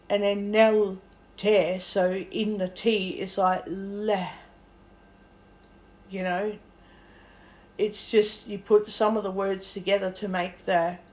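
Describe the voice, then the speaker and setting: A woman's voice: mid-range voice, a little mellow. A casual, rambling woman from Australia chatting about her language lessons and swearing freely. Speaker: language learner vlogger. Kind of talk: casual chat.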